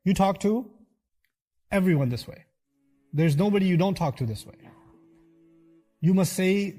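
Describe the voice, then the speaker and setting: A man's voice: high-pitched, moderate pace, pauses often, mellow, soft background music. A man giving an earnest, emphatic sermon-style lecture to listeners. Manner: earnest, emphatic, acts out quotes. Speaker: religious lecturer.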